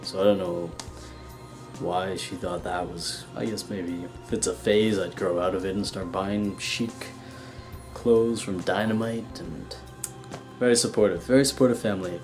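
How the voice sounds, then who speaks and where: A man's voice: low voice, steady tone, normal speed, a little mellow, faint music behind. Dry, wry young man vlogging. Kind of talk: casual personal storytelling.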